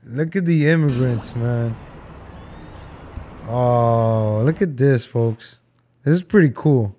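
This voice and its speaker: A man's voice: mid-range voice, takes it slowly, warm tone, a little hiss or hum. A young man casually joking and rambling as he reacts to old film footage for his viewers. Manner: joking, rambling, talks to viewers as folks and guys.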